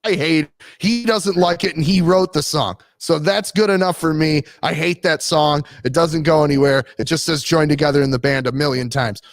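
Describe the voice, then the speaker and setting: A man co-hosting a casual podcast who states his opinions bluntly and stubbornly. His voice sits a little high, and it is recorded close in a dry room. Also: moderate pace, dry recording. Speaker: podcast co-host.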